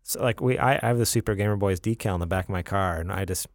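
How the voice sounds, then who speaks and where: A man's voice: low voice, fast, dry recording, studio quality. A man co-hosting a podcast in casual chat, laid-back and laughing often, with many fillers. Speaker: podcast co-host.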